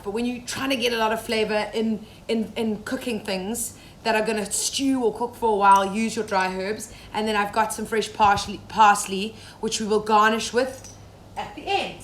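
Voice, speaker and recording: A young woman from Zimbabwe, a safari cook, chatting casually while giving a live cooking demonstration and greeting viewers by name. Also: fairly high pitch. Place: home kitchen. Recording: echoey kitchen with faint ambient noise.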